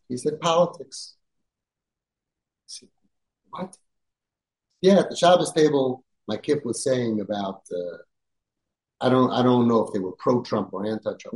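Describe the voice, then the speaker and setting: A man talks through parenting advice with force, peppering his speech with Yiddish and Hebrew terms. His voice sits at an ordinary middle pitch. The recording carries a roomy echo. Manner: emphatic, rising to near-shouting when scolding; sprinkles Yiddish and Hebrew words. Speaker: parenting podcast host. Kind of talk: podcast talk giving advice.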